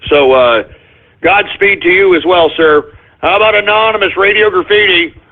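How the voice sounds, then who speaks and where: Profane, blustering male talk-radio host, raspy and high-pitched, heard through phone-narrow audio. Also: normal speed. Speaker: call-in radio show host.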